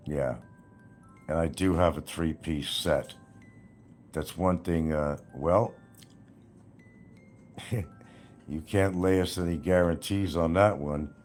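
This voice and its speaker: A man's voice: very deep voice, darkish tone. A man ranting on a livestream, taunting and sarcastic, swearing and chuckling at the person he attacks. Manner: taunting, profane, sarcastic, laughing at his target. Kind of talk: livestream rant.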